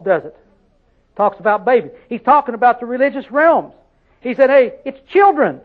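Man, preacher, very high voice, folksy rhetorical sermon, tinny phone-like recording. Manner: folksy, rhetorical questions, dialect grammar.

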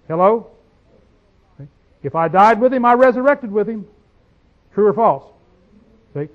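A man with a high voice delivers a homespun sermon. He reads scripture in slow, drawn-out phrases, then breaks into quick conversational asides and rising declarations. The recording sounds dull and lo-fi. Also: expressive. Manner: folksy, call-and-response asides, swings from quiet to loud. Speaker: preacher.

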